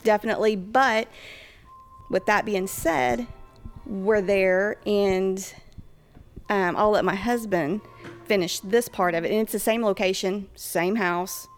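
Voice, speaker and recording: Woman with a creaky voice telling a story. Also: medium pitch, slow pace, soft background music. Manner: chatty, with frequent fillers and acted-out quotes. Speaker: guest telling a ghost story. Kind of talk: casual storytelling.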